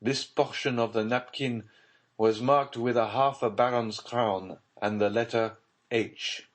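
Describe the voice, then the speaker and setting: Audiobook figure: brooding nobleman, hushed, slow and grave, read by a man. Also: mid-range voice, fairly even intonation, voice pushed up, natural voice. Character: haunted scheming nobleman, secretive and grave.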